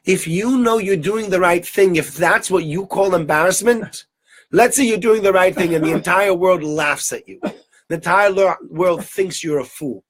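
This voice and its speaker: A man giving a Torah lesson in a relaxed, conversational way. He often checks in with his listeners through short tag questions. His voice sits a bit higher than most men's. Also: normal speed. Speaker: rabbi teacher.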